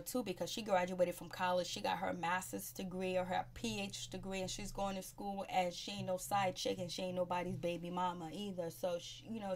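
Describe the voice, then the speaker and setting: Chatty slangy woman recapping a show. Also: mid-range voice. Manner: chatty, slangy, animated retelling.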